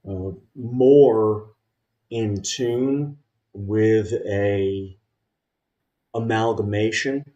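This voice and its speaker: A man from rural North Carolina with a Southern drawl, hosting a tabletop game in a folksy, joking way with many pauses. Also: lowish voice, a little mellow. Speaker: game master.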